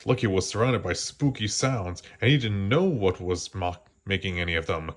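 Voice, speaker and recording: A man reading a children's storybook aloud, gently slowing down for the suspenseful parts. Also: low-pitched, animated. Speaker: storybook reader. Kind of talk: children's read-aloud narration.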